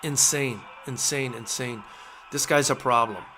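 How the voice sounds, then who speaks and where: A man talks to his viewers on a live boxing companion stream. His voice is bright and forward, and his pitch sits in an ordinary middle range. He reacts with emotion and keeps repeating his words as he goes. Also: a little slow. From United States. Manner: excitable, repeats himself, emotional. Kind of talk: live fight companion commentary.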